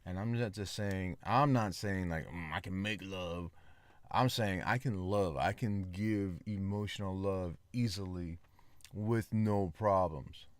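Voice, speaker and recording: Man, low voice, solo podcast host, rambling and repetitive, dry close sound. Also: a little slow, no echo. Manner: rambling, repeats himself, many fillers. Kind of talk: casual solo podcast monologue.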